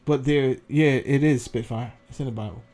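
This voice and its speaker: A man's voice: mid-range voice, normal speed, dark tone. A man hosting a casual commentary, rambling and interrupting himself as he looks things up. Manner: rambling, self-interrupting, thinking aloud. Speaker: host. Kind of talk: casual commentary while browsing clips.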